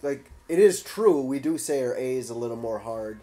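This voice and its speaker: Halting young guy. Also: medium pitch, animated, dark tone. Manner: halting, hesitant phrasing. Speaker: podcast co-host. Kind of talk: casual chat.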